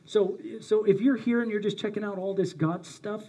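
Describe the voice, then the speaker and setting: A man's voice: high voice, fairly even intonation, moderate pace, mellow, breathy edge. A male pastor preaching a sermon, earnest and emphatic, speaking directly to his congregation.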